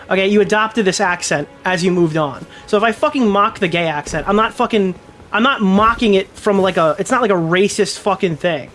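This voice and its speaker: A man casually commentating on his livestream, rambling excitably with lots of swearing. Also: sits high.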